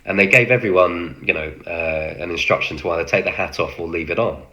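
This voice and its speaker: Deep bright-toned man telling a story. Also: highs cut off. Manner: halting, full of fillers, acts out quoted lines. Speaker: film extra recounting set experience. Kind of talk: casual anecdote.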